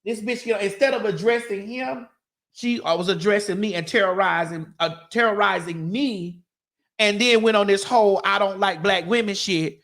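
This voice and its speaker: A woman from Miami-Dade hosting a morning talk show, telling a story in a blunt, profane, animated way. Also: mid-range voice, moderate pace. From Miami-Dade, Florida.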